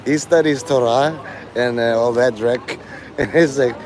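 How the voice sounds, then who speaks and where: A man's voice: medium pitch, fairly even intonation, unhurried, a little mellow. A man streaming live, rambling through jokes and stories, laughing often and swearing freely.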